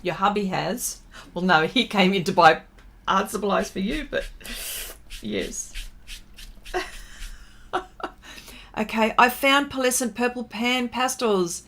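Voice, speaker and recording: A woman's voice: mid-range voice, slow pace, long pauses, a bit bright. A woman artist chatting casually with viewers during a livestream pastel demonstration, greeting them and laughing often.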